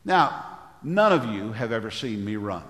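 An older man preaching a sermon as pastor, with a big, loud voice, often clearing his throat. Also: on the low side, very animated, a little slow, roomy sound, long reverb tail.

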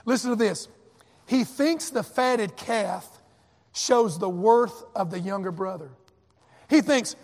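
A man's voice: high voice, unhurried, in a large hall. A man preaching a sermon as pastor, with emphatic repetition and acted quotes.

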